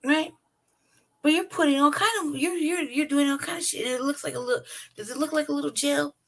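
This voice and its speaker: A woman's voice: high-pitched, fairly even intonation, a little fast. A woman hosting her own channel, ranting bluntly and profanely in a commentary monologue, laughing between points and asking "right?". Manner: talks straight to the listener with repeated "right?". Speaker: channel host.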